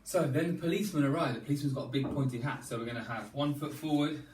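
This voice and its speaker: A man leading a children's storytelling yoga class, playful and animated, coaxing the children through each pose. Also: mid-range voice, very fast, slight background noise. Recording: echoey room, distant mic, faint ambience.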